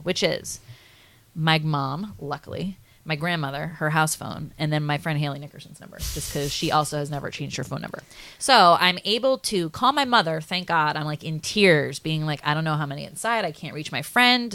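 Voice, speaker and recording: A young woman co-hosting a podcast, rambling through a story with constant likes and ums. Her voice sits a little low but comes out bright and forceful, and the recording is close and dry. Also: no room sound. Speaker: podcast co-host. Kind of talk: casual storytelling chat.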